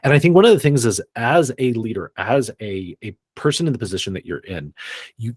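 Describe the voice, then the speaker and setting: A man tells a workplace story with lots of rise and fall in his voice. His tone is a little husky. The sound is dry and close, with no room in it. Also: medium pitch, dry recording. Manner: animated storyteller acting out quoted voices. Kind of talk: storytelling in a group video call.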